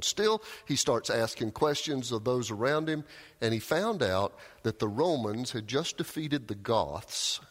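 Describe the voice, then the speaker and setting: A man preaching a sermon, telling a story with raised cries and quiet, low emphasis. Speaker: pastor. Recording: long hall reverb.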